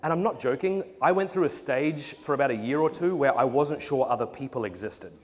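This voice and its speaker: A man's voice: medium pitch, fairly quick. A young Australian man telling funny stories to a conference audience, acting out quotes as he goes. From South Australia. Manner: animated storytelling with acted-out quotes and laughs. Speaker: speaker. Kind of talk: humorous talk to a conference audience. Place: large conference hall. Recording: hall reverb with faint noise.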